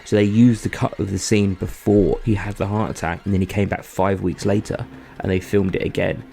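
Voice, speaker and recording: A man's voice: lowish voice, level tone, brisk, creaky, warm tone. A man, co-hosting a podcast and rambling through a story with lots of fillers. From England. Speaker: podcast co-host. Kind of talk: casual chat.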